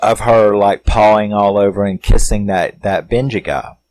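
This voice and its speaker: A man's voice: lowish voice, moderate pace, a little mellow, no room sound, low-quality recording. A man giving a casual, rambling horror film review, swearing freely and chuckling, with plenty of filler words.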